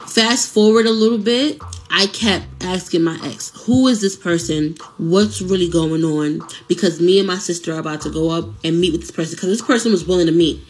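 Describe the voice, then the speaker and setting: A young adult woman hosting a podcast, telling a personal relationship story in a casual, animated way with asides to listeners. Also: fairly low pitch, quick pace. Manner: animated, conversational, many fillers and asides to listeners.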